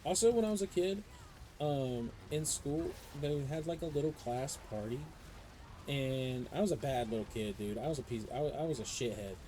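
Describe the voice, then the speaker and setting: A young man live-streaming a game, talking in a loose, casual way. He swears constantly and gets worked up as he rants through his stories. His voice sits at an ordinary pitch with a mellow, soft-edged tone, over a faint hiss of noise. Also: normal speed, low-quality recording. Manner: profane, animated ranting storyteller. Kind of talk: casual chat while gaming.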